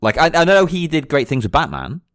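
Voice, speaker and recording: A man's voice: fairly high pitch, huge pitch swings, brisk, fairly bright tone, dry recording, clean studio sound. A man co-hosting a podcast, chatting casually and playfully, laughing often. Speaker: podcast co-host. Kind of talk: casual chat.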